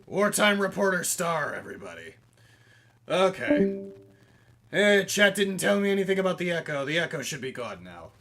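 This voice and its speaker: A gravelly, high-pitched bad-cop officer, as a man puts him on, swinging widely up and down through his lines. He speaks in theatrical, formal phrases with a bright, tense edge, at times slipping toward a pirate growl. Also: sing-song, normal speed, heavily acted. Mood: gruff, mock-formal. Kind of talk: in-character streaming chat.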